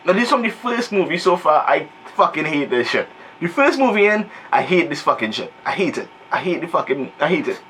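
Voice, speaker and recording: A man's voice: a little high, very animated, brisk, fairly bright tone, a little hiss or hum, rough recording. A man in his thirties giving a comedic, profane, exasperated movie review rant. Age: 30s.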